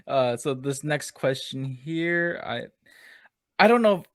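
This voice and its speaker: A man hosting a casual podcast interview, talking in a halting way with many fillers and restarts. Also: mid-range voice, expressive, no echo, studio quality. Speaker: podcast host.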